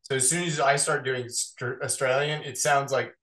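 A man, a voice actor being interviewed, chatting in a quick, animated, self-mocking way. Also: mid-range voice. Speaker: voice actor guest. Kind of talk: casual interview chat. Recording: roomy echo.

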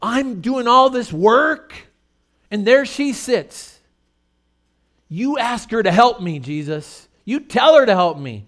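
A man voicing a frustrated, overworked woman demanding help, in a shrill, insistent voice. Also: unhurried, hardly any pauses, a little mellow. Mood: exasperated. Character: frustrated busy woman complaining to her teacher.

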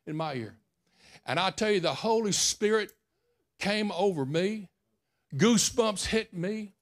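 A man preaching a sermon, telling a personal story in a folksy, intimate way. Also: high voice. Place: church.

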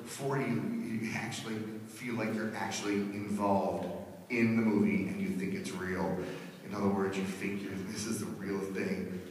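A man performing as a stage hypnotist, theatrical and swinging between hushed soothing and wild excited shouting. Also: on the low side, moderate pace. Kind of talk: hypnosis stage show patter. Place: large school auditorium. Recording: echoey hall from far off, noisy.

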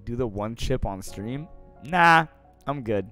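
A young man on a live stream fields viewer questions at a moderate pace in a lowish voice, using slang and profanity. His talk alternates between mumbled asides and loud bursts, with faint music behind.

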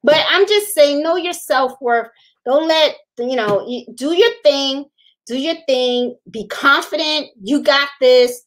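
Chatty high-voiced woman live-streamer. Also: takes it slowly, rough recording. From Puerto Rican. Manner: chatty, repeats herself, laughs often. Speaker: livestream host. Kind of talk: casual live-stream chat.

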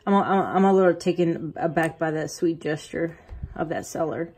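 A woman with a husky, slightly breathy voice pitched a little low. She gushes and rambles through a casual unboxing vlog, getting excited over each item. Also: normal speed. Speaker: vlogger. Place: bathroom at home.

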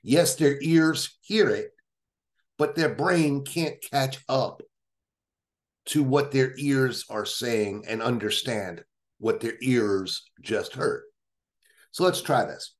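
A man's voice: medium pitch, slow. Emphatic male sales trainer. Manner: emphatic, explaining with examples. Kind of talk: training lecture.

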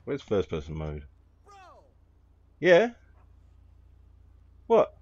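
A man's voice: low voice, moderate pace. A man giving rambling, joking, profane commentary while playing a driving game. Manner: rambling, joking, swears freely. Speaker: gaming YouTuber. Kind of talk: casual let's-play commentary. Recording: dull lo-fi with faint hiss.

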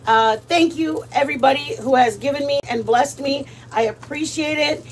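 A woman's voice: sits high, normal speed, a little hiss or hum. A middle-aged woman chatting casually and rambling as she cooks on a livestream, greeting viewers by name. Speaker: livestream cooking host. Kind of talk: casual live cooking chat.

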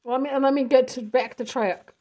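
A woman's voice: sits high, steady tone, normal speed, dark tone. A woman hosting a casual reaction vlog, reading a post aloud and commenting on it in a rambling, blunt way, with frequent restarts and swearing. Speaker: show host.

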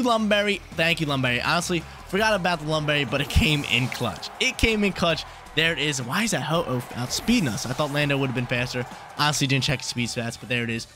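A young man giving excitable live commentary on his own game, talking to himself and repeating phrases. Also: medium pitch. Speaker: gaming YouTuber.

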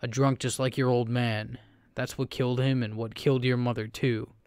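A man narrating a story and putting on a grieving, furious old man in his seventies who shouts and sobs. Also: medium pitch, flat delivery, moderate pace, clear, resonant tone, no room sound, studio quality, natural voice. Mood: bitter. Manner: shouting, sobbing accusations.

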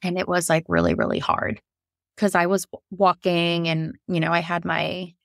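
A woman's voice: lowish voice, expressive, moderate pace, vocal fry, a bit bright, no echo, clean studio sound. A woman guest frankly telling a painful personal story, emotional and laughing through hard moments. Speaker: guest sharing her birth story.

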